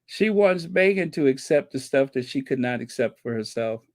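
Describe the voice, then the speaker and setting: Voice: medium pitch, expressive, moderate pace, a little mellow, dry recording. A channel host giving commentary on viewer comments, emphatic and repeating key points for effect.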